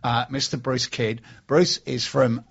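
A man with a slightly husky voice hosts a casual radio talk show, chatty and jokey. The recording is a bit dull and lo-fi. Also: medium pitch, steady tone, measured pace, fairly bright tone. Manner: chatty, jokey, interviewing guests.

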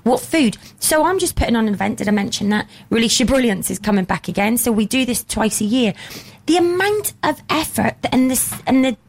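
A woman's voice: a little high, expressive, a little fast, hardly any pauses, slightly rough. A woman from England co-hosting a radio show, chatting playfully and reading out news items. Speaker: radio co-host. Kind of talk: casual radio chat.

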